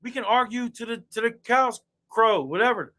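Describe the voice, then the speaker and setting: A man's voice: extremely high pitch, moderate pace, bright, forceful tone. A man ranting in a heated online chat, boastful and profane, drinking beer as he talks. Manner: drinking beer while talking. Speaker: guest speaker. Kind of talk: heated casual debate chat.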